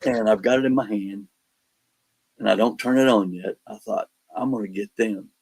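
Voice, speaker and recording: This is a man with a low, gravelly voice. It has a husky edge, and he tells his stories in a loose, conversational way. He acts out every line of dialogue with animated energy. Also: moderate pace, low-quality recording. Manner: animated storyteller, acts out quotes, laughs between lines. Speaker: paranormal investigator guest. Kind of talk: casual storytelling on a podcast.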